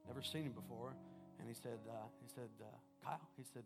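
A man preaching a sermon as pastor, telling a personal story in an earnest manner, swinging between loud and hushed. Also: mid-range voice, fast. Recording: music playing behind the voice.

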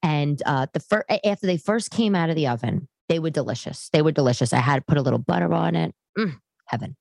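A low-pitched woman with a New York-area accent, chatting on her podcast and wandering off into tangents and little asides. The sound is dry and close, with no room echo. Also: fast talker, vocal fry, a little mellow. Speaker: podcast host and stand-up comic. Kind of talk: casual chat podcast. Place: living room.

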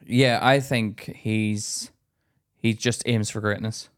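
A man co-hosting a podcast, chatting casually in a blunt, sweary way with quick stories. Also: fairly low pitch, steady tone, clean tone. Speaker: podcast co-host. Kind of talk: casual chat.

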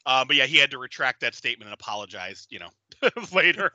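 A man co-hosting a film podcast tells the story of a movie with animated, swearing enthusiasm and frequent laughter. His voice is very bright and sits at an average pitch. The sound is dry and close to the mic. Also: fast talker, no room sound, dull audio. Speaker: podcast co-host. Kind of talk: casual movie recap chat.

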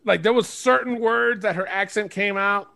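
Animated, gravelly-voiced male podcast host. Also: sits high, moderate pace, dry recording. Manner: animated, profane, playful. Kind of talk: casual wrestling podcast chat.

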